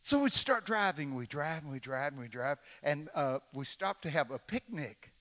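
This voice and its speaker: Forceful elderly Texan preacher. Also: male voice, a little high, big pitch swings, normal speed. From Texas, USA. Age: 80s. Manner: folksy, dramatic, acts out voices. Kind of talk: storytelling sermon. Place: large church conference hall. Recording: long reverb of a large hall.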